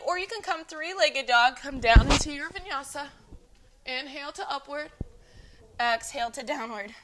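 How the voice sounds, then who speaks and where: A woman yoga instructor calmly cueing breaths and poses in a guided flow at home. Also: sits high. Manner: calm, encouraging breath cueing. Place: home, dogs nearby.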